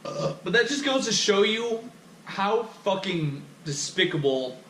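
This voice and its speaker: A young man unloads an exasperated, profanity-laced rant straight to the camera. His voice sits a little high and bright. It carries a roomy echo and a faint background hiss. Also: big pitch swings, slow pace. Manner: swears constantly, heated and exasperated. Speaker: vlogger. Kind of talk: profane ranting monologue. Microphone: action camera. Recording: echoey room, faint background noise.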